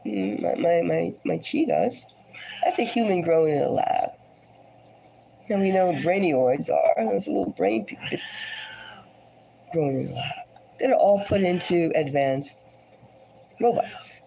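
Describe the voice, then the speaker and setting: A woman giving a casual tarot reading, her voice scratchy and hoarse from a cold, rambling and dropping now and then into a whisper. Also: on the low side, lively intonation, unhurried, pauses often, warm tone. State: hoarse, getting over a cold. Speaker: tarot reader.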